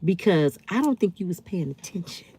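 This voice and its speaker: A woman's voice: on the low side, animated, normal speed, dark tone, breathy edge, dry recording. A woman in her fifties hosting a live stream, answering her chat in a heated, blunt way and swearing freely. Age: 50s. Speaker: channel host.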